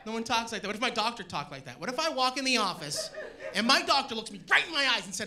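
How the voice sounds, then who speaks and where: A man doing a stand-up comedy set on stage, animated and shouting his punchlines. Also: very high voice, fast. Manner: animated, loud punchlines to a laughing crowd. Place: comedy stage before a live audience. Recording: live show with loud crowd laughter.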